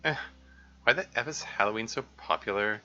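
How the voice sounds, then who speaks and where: Man, streamer, casual commentary, rambling asides, bright tone, dull lo-fi sound. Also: on the low side, a little fast, faint music behind. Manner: rambling, self-interrupting asides with laughs. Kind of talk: casual live playthrough commentary.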